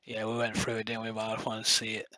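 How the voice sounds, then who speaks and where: A man's voice: fairly low pitch, completely flat delivery, quick pace, pushed and bright, no echo. A middle-aged man, a light gun builder talking to camera in a passionate, boastful, rambling way full of fillers. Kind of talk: casual rambling talk to camera.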